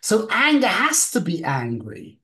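A man's voice: sits high, huge pitch swings, a little slow, sharp tone. A man giving an informal Torah class, talking conversationally, asking the group questions and mixing Hebrew and Yiddish terms into his English. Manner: asks the listeners questions. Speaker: Torah teacher.

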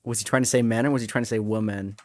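A man's voice: lowish voice, steady tone, racing, a little mellow. A young man co-hosting a podcast in casual chat, teasing and crude, laughing often. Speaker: podcast co-host.

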